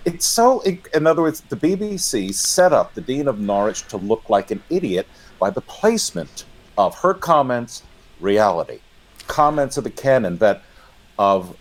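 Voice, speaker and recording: A middle-aged man giving sardonic, animated commentary in a discussion, often restarting his sentences. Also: fairly low pitch. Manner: animated, sardonic, self-correcting. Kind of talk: opinionated discussion.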